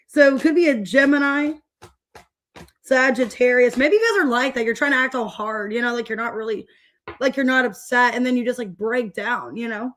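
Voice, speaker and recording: A woman's voice: a little high, normal speed, fairly bright tone. A young woman giving a casual, rambling tarot reading and greeting viewers by name as she goes. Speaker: tarot reader.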